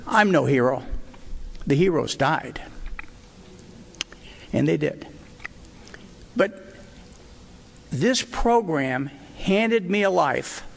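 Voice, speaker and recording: A man's voice: sits high, creaky. An older man sharing his personal recovery story at a meeting, earnest and emotional, with wry asides. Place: hotel meeting hall. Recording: reverberant hall recording.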